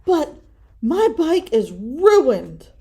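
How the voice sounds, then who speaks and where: A woman puts on a hot-tempered boy bear cub from a picture book. He shouts and protests, his voice leaping up and swooping around. He is slow and heavy with indignation. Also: high voice, sing-song, pitched above the performer's own voice, heavily acted. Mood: indignant.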